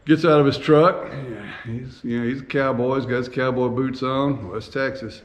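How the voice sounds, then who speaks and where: A man hosting his own flying vlog, telling a travel story in a casual, animated way with plenty of fillers and restarts. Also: mid-range voice, normal speed, muffled recording. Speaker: vlog host and private pilot.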